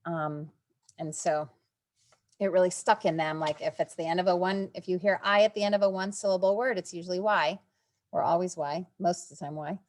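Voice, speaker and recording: A first grade teacher presenting spelling rules in an online meeting, explaining step by step with fillers. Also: female voice, fairly low pitch, fairly even intonation, brisk, a little mellow.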